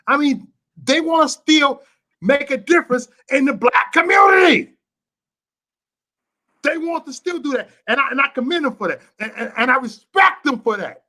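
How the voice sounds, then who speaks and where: A man's voice: very high voice, expressive, moderate pace, bright, forceful tone. A man from Chicago hosting a live talk show, passionate and cursing, stumbling over repeated words when he gets worked up. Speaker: livestream show host. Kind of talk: casual heated call-in talk.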